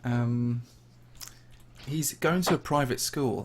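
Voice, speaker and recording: Here a Minecraft host with a mid-range voice speaks at a moderate pace. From the English Midlands and slightly posh-sounding, he answers viewers' questions in a relaxed livestream chat while touring a game map.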